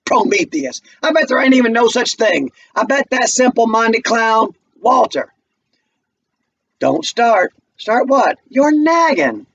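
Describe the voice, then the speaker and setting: A man's voice: extremely high pitch, very animated, slow, gravelly, muffled recording, slight background noise, voice pushed up, heavily acted. A man reading a bitter, ranting young husband. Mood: mocking. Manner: loud, scornful and ranting.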